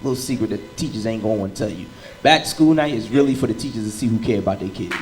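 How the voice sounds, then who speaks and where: A man in his thirties performing a stand-up comedy set, telling animated stories and shouting into bits. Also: lowish voice, rapid-fire, over music, rough recording. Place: comedy club stage with live audience. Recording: live room with loud crowd laughter.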